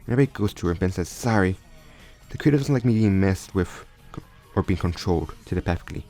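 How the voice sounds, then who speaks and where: A man with a low, dark voice and lively intonation improvises a fan crossover story aloud, talking fast. He often stumbles and restarts his sentences, and faint music plays in the background.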